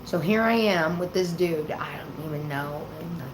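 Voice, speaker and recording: A woman's voice: low voice, moderate pace, faint music behind. A woman hosting a livestream, telling a story in a casual, profane, rambling way. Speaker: livestream host. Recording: roomy echo.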